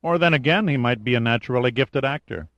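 A man's voice: mid-range voice, fast talker, fairly bright tone, dry recording, close to an everyday voice. A man voicing a wry, menacing male sidekick with a sardonic, lightly mocking manner, in a dull lo-fi audiobook recording.

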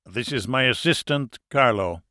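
A man's voice: mid-range voice, lively intonation, normal speed, bright, forceful tone, no room sound, clean studio sound. Sneering French gangster boss, as a man puts him on. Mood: contemptuous. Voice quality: sneering, mocking. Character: cold, contemptuous French criminal boss man.

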